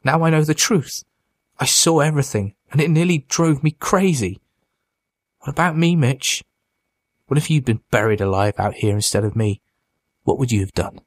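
A monstrous undead brother speaks in a scornful, taunting way, as a male narrator puts him on. The voice sits fairly low and is recorded close and dry, with no room around it. It is an audiobook horror figure, bitter and mocking. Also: animated, moderate pace, no echo. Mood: accusing. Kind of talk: audiobook character voice.

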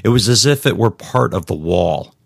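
A man narrating a story in a very deep voice, steady and measured. The recording is dry, with no room sound. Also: creaky, breathy edge, no room sound. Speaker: audiobook narrator. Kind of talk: scripted narration.

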